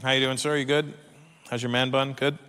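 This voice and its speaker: A man's voice: mid-range voice, little pitch movement, brisk. A man doing brash stand-up comedy and teasing audience members in a large live venue. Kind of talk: stand-up comedy and crowd work. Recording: live show with loud crowd laughter and noise.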